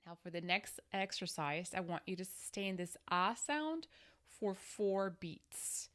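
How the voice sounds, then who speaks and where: Slow, bright-voiced woman voice teacher. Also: mid-range voice. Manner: calm, instructive, guides step by step. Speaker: singing teacher. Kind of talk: vocal lesson to camera.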